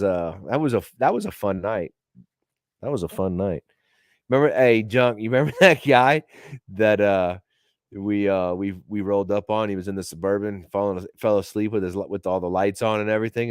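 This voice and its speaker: A man's voice: on the low side, darkish tone, no room sound, clean studio sound. A man telling stories in casual, rambling, profane talk to a live audience, laughing as he goes. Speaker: podcast host.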